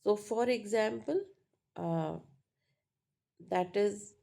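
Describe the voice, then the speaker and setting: A woman's voice: medium pitch, extremely slow, vocal fry, dark tone. A woman, teaching pronunciation patiently and checking in with "right?" often. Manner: patient, repeats points with frequent "right?" and "uh". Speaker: English teacher. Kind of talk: slow classroom-style explanation.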